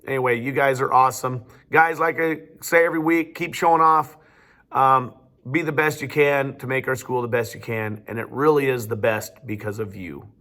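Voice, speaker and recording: A man's voice: mid-range voice, steady tone, moderate pace, fairly bright tone. A male teacher giving upbeat, chatty school announcements with casual fillers. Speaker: teacher presenting student awards.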